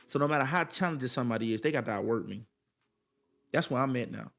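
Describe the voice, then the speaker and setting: Speaking quickly in a gravelly, fairly bright mid-range voice, this man delivers a colloquial motivational talk straight to camera. His emphatic lines repeat with a preacher's cadence as he talks directly to his viewers.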